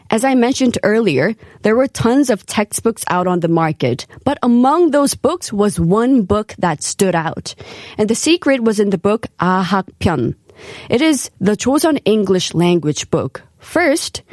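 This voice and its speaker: A woman hosting a scripted radio segment, reading carefully with lively emphasis. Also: mid-range voice, dry recording, clean studio sound. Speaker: radio host.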